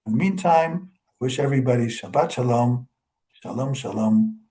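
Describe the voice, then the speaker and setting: A man's voice: mid-range voice, moderate pace, dark tone, low-quality recording. A man, a rabbi, giving a conversational holiday sermon with fillers and retold stories.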